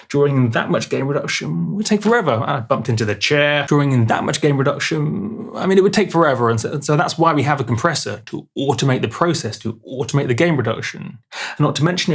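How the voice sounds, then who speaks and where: A man's voice: on the high side, creaky, breathy edge. A man explaining music production in a casual video tutorial, chatty, with jokey asides and restarts.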